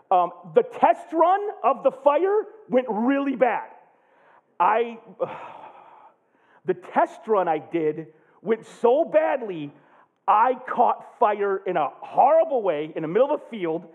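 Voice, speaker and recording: A man in his thirties preaching, telling a funny camp story with excitable, jokey energy and loud bursts. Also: very high-pitched. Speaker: pastor. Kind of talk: animated sermon storytelling. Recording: tinny phone-like sound.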